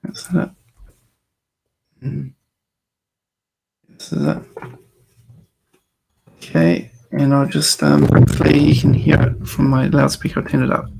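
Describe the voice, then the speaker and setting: A man's voice: medium pitch, big pitch swings, measured pace, vocal fry, pauses often, noisy background. A man leading a class chats casually to his audience while fumbling with technology, in a wry, easygoing way. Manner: chatty, wry, fumbling with tech. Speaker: class leader.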